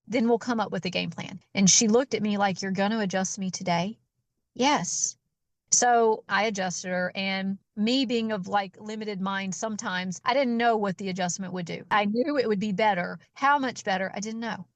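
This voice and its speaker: A woman guest on a podcast, telling a story with animation and acting out each voice in it. Her voice sits in a middle pitch. The sound is close and dry, with no room echo. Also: normal speed, hardly any pauses. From Georgia, US. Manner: animated storyteller who acts out quoted dialogue. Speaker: chiropractor guest. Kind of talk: storytelling in an interview.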